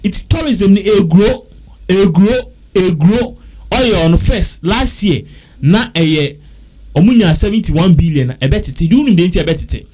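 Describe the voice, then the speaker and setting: A man's voice: high-pitched, expressive, measured pace, a little mellow. A man with a Ghanaian accent, talking casually and repetitively, working through figures aloud. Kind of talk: casual talk mixing English and Twi.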